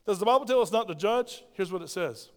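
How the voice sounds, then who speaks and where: A man's voice: high voice, expressive, fast. A man preaching a sermon as pastor, emphatic and questioning his congregation. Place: church. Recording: reverberant church hall.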